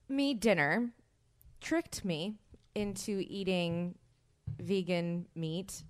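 A woman's voice: fairly low pitch, very slow. A young woman hosting a casual chat, telling stories frankly with lots of laughter. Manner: chatty, giggly, frank storytelling. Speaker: podcast host.

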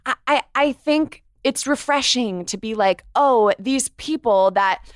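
A woman's voice: a little high, measured pace, clear, resonant tone, no echo. Empathetic woman podcast host, dry studio sound. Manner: warm, empathetic, laughs easily. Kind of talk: conversational podcast interview.

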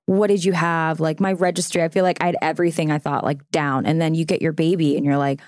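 A woman in her thirties joins a podcast as a guest and talks earnestly in casual chat. Her voice sits a little low, she fills her talk with "like", and she acts out little quotes. The recording is dry and close. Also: flat delivery, quick pace, a little mellow, no room sound.

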